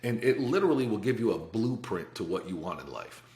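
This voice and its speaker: A man's voice: on the low side, big pitch swings, a little fast, darkish tone. A man in his forties telling his life story as a podcast guest, blunt and profane, with many restarts and short laughs. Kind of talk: candid life-story interview. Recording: roomy echo.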